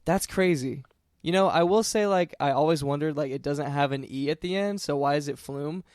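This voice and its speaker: A young man from Indiana jokes his way through a podcast chat in an easygoing manner. His voice sits a little high. The recording is dry and close. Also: normal speed, darkish tone, dry recording. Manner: playful, says dude a lot. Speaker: podcast co-host.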